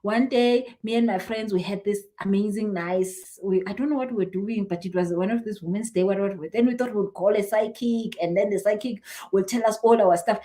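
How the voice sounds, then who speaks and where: Animated chatty woman. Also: medium pitch, a little fast. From South Africa. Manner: animated, chatty, laughs often, acts out what people say. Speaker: spiritual healer. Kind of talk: casual live-stream chat answering viewers.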